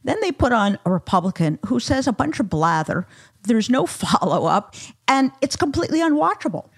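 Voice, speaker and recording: A woman's voice: on the high side, sing-song, moderate pace, slightly rough. Wry, emphatic female podcast host. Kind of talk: conversational podcast interview.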